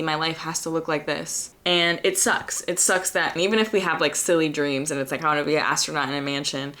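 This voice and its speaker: Young woman, home vlogger, lower pitch, earnest and chatty. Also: a bit bright. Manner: chatty, earnest, laughs often. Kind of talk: casual reflective vlog talk. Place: home by an open window.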